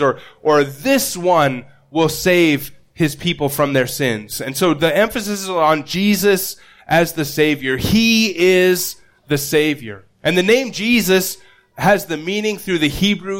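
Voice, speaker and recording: A man preaching a sermon as pastor, earnest, often repeating a word as he restarts and slowing down to stress key phrases. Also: fairly high pitch, fairly bright tone.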